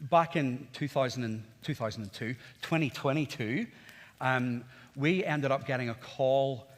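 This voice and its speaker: A man's voice: mid-range voice, unhurried. A man in his forties with a Northern Irish accent, preaching a sermon in a conversational storytelling way, with rhetorical questions. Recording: reverberant church hall.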